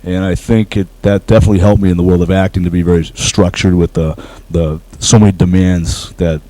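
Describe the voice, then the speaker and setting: Deep-voiced man, humble actor guest. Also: little pitch movement, brisk, mellow, no echo, poor audio. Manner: humble, hesitant with many fillers. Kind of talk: casual interview.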